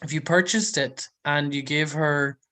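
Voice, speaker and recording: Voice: medium pitch, fairly even intonation, measured pace, pushed and bright. A livestream host chatting casually and rambling through viewer comments, with frequent ums and giggles. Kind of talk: casual live chat reading viewer comments.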